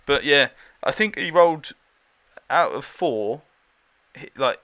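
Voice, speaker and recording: A man's voice: a little high, expressive, slow, sharp tone, no echo. A man co-hosting a podcast, chatting casually with lots of fillers, restarts and chuckles. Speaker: podcast co-host giving a battle report. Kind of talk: casual chat.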